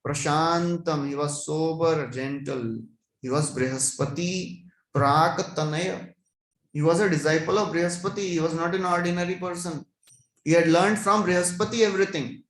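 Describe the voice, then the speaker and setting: A man's voice: a little high, steady tone, normal speed, a bit bright. Man giving an echoey devotional scripture class. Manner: chants verses, then explains them.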